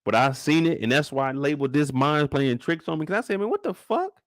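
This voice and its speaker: A young man hosting a casual livestream recap, animated and profane, often leaping into high exclamations. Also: fast talker, no room sound, studio quality. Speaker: show host.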